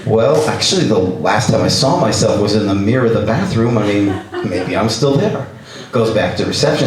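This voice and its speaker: A man's voice: medium pitch, animated, moderate pace, darkish tone. A man from Canada, a rabbi giving a humorous lecture who acts out the characters in his stories. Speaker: rabbi, speaker. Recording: echoey hall, distant mic.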